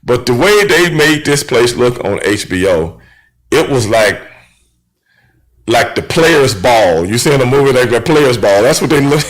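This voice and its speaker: A middle-aged man hosting a radio show, telling stories from the road in a casual, animated way and acting out the dialogue. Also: medium pitch, moderate pace. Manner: animated storyteller, acts out quoted dialogue, frequent "you know what I'm saying".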